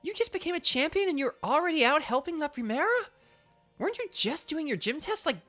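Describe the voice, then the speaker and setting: A bubbly young streamer girl and gym leader, pitched high above the speaker's own voice, as a woman puts her on. She rattles off showy greetings with a lively, swooping melody. The voice sounds a bit congested and dry. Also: fairly quick, faint music behind. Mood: peppy. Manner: peppy, showy streamer patter. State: congested nose, dry throat. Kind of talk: game character voice during playthrough.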